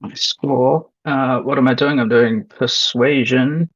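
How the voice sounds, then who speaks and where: A man playing a tabletop game, hesitant with many pauses. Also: mid-range voice, fairly even intonation. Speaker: player. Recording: slightly muffled mic.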